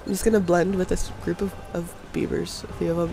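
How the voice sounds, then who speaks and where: A man's voice: high voice, little pitch movement, a little fast, creaky, warm tone. Stuffy-nosed young man commentating gameplay. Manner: chatty, self-deprecating, laughs often. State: stuffy nose from a cold. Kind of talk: casual voice-over game commentary. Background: faint background music.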